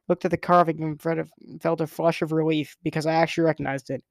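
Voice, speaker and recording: A man narrating a novel in a loose, casual first-person manner, now and then tripping over a word. His voice is a little high with a gravelly rasp. It is recorded close and dry, with no room around it. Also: little pitch movement, fast, few pauses, a little mellow, no echo. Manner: casual first-person storytelling, occasional stumbles. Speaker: reader. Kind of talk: reading a novel aloud as narrator.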